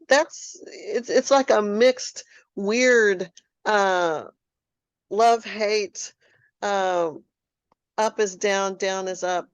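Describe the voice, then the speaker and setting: Woman host sharing personal stories in a candid, animated way, over a dull, dry, lo-fi line. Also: medium pitch, no room sound. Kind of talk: conversational interview.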